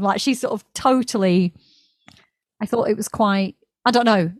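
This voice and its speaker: A woman's voice: on the high side, normal speed, no room sound. A woman co-hosting a podcast, chatting casually and thinking aloud about a TV show. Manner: rambling, thinks aloud with restarts. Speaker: podcast co-host.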